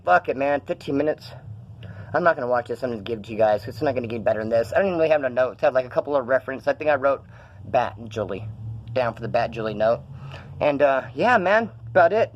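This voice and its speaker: A man's voice: on the high side, dull audio, a little hiss or hum. A young man telling stories in a rambling, profane way while feeling ill, filming himself in a room. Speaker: vlogger. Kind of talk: casual rambling vlog.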